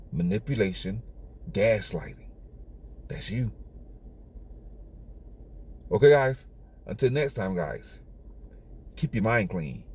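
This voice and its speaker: A man's voice: on the low side, darkish tone, breathy edge. A man hosting his own channel, lecturing viewers in a preachy, repetitive monologue. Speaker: channel host.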